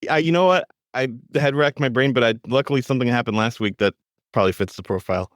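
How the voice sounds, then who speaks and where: A man tells a self-deprecating story in casual podcast chat. He halts and restarts often. His voice is mid-pitched and dry. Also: fast talker, no room sound. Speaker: podcast guest.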